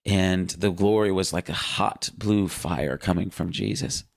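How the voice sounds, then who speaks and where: A man's voice: low-pitched, a little slow, vocal fry, no echo, studio quality. A man earnestly recounting a vivid spiritual vision in casual spoken testimony. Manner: earnest, vivid storytelling with fillers.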